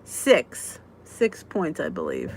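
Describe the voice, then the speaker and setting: A woman's voice: fairly low pitch, huge pitch swings, creaky, darkish tone, a little hiss or hum. A woman hosting a live weight-loss support chat, talking casually, reading out viewers' comments and venting with a laugh. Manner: chatty, exclaiming, quick to vent and laugh.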